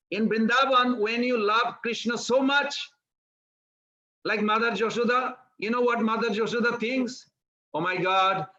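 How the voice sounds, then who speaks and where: Bright high-voiced man telling a devotional story. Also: muffled recording. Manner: animated storytelling, acting out characters. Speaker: preacher.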